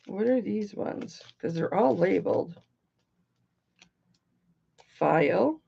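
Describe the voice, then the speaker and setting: A woman's voice: mid-range voice, lively intonation, slow, gravelly, pauses often, dark tone, husky, muffled recording. A woman hosting an online jewelry auction, chatting casually and cracking bawdy jokes while she works. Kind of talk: casual livestream selling chat.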